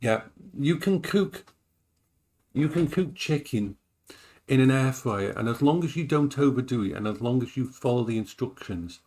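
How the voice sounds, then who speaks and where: A man's voice: medium pitch, lively intonation, normal speed, darkish tone. A man streaming live while he cooks, chatting casually, rambling and repeating himself as he moves around the kitchen.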